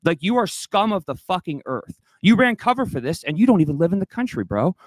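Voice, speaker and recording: A man's voice: high voice, sing-song, brisk, dry recording. A man ranting heatedly as a livestream guest, swearing a lot and restarting his sentences. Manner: profane, agitated, rambling with many restarts.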